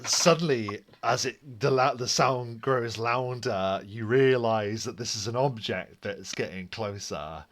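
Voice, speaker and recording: Unhurried male game master, mid-pitched voice, loose storyteller. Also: a bit bright. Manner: storytelling with fillers and self-corrections. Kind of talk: narrating a tabletop game.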